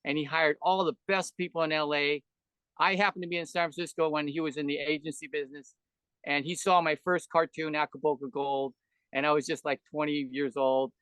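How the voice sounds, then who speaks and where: Older man telling stories, high-pitched. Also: flat delivery, brisk, a bit bright, clean tone, no echo. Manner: rambling storyteller who acts out quoted voices. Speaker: podcast guest, veteran animator. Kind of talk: casual interview chat.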